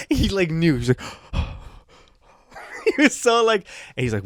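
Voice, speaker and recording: Man, casual podcast chat, lively swooping voice, smooth and clear, dry sound. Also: high-pitched, moderate pace, no room sound. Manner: rambling storyteller, swears, acts out quotes. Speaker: podcast co-host.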